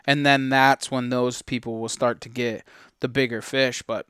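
Smooth-voiced man telling loose stories. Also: medium pitch, level tone, moderate pace, a bit bright, dry recording, clean studio sound. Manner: loose and rambling, full of fillers and swearing. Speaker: podcast co-host. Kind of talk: casual storytelling.

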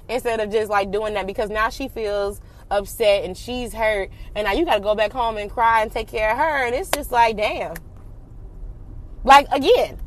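A young adult woman telling a personal story in casual, slangy talk, animated and swearing freely. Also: fairly high pitch, moderate pace.

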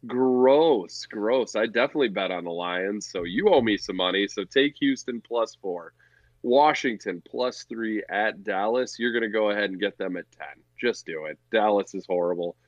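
A man's voice: fairly low pitch, moderate pace, dry recording, highs cut off. A man co-hosting a casual sports betting podcast, talking bluntly and profanely in a ranting way. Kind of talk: casual chat.

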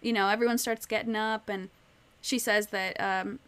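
A woman's voice: mid-range voice, moderate pace, clean tone. A woman in a casual book discussion, retelling scenes with lots of "like" and "you know.". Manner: animated storyteller, retelling scenes with many "like"s.

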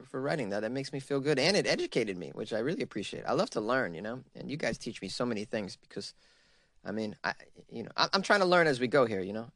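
A man's voice: medium pitch, fairly bright tone, no echo, studio quality. A man hosting a podcast in casual chat, rambling and joking, with lots of fillers and restarts. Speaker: podcast host.

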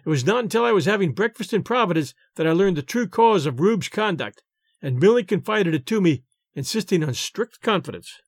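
A man narrating a short story audiobook in an expressive, animated way. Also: sits high, a little fast, no echo, clean studio sound.

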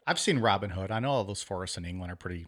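A man's voice: deep voice, rapid-fire. A man co-hosting a podcast, bantering casually with profanity and rambling jokes. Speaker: podcast co-host.

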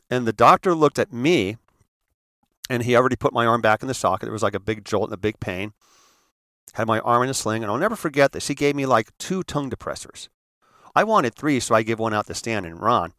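Earnest halting man telling his story. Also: medium pitch, expressive, bright, forceful tone, no echo, clean studio sound. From San Francisco area, United States. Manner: earnest, halting, with many restarts and repeated words. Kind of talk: personal storytelling talk.

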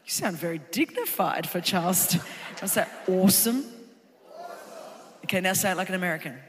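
A woman preaching a sermon, passionately building to shouts and then dropping low and close. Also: fast talker, a little hiss or hum. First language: Greek heritage speaker of English. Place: church auditorium. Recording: reverberant large hall.

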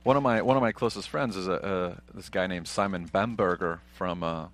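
A man with a fairly low voice chats casually while watching a film with friends. He rambles, circling back with lots of fillers as he talks. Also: brisk, fairly bright tone. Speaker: podcast co-host. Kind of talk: casual movie watch-along chat.

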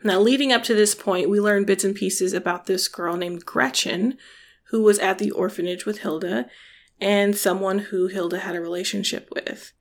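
Brief: a young woman talking through book picks in a chatty, conversational way, mid-pitched. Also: steady tone, moderate pace. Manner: chatty and conversational, many filler words. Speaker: book reviewer. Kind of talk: casual book review vlog.

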